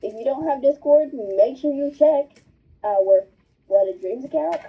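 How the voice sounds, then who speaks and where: A woman's voice: high voice, expressive, unhurried. A woman hosting a casual chat, bubbly and rambling. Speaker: host. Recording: tinny phone-like line.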